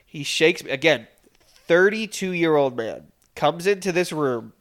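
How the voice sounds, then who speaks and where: A man's voice: fairly high pitch, expressive, unhurried, fairly bright tone. A young man co-hosting a podcast, telling a story in casual chat and mimicking voices in quotes. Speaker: podcast co-host.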